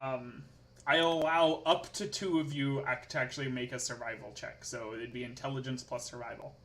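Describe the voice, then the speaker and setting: A man's voice: mid-range voice, fairly even intonation, normal speed, background noise. A man narrating a tabletop game as game master, casual and self-deprecating, laughing easily.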